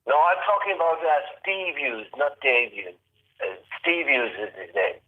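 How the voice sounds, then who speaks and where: A man's voice: on the high side, big pitch swings, normal speed. Australian man on a tinny phone line. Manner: friendly, calls everyone mate. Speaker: caller.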